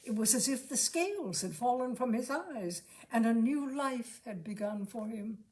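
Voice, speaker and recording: Lively, expressive woman storyteller. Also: on the high side, normal speed. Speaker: reader of short stories. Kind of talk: scripted narration of a comic story.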